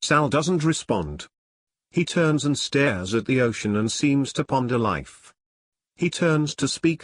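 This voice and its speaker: A man narrating a crude comic story in a wry, deadpan way. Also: mid-range voice, slow, dry recording.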